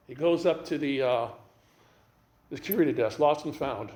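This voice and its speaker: A man speaking as a guest rabbi, telling stories in an animated way and acting out the dialogue. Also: mid-range voice, normal speed, roomy sound. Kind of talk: storytelling talk.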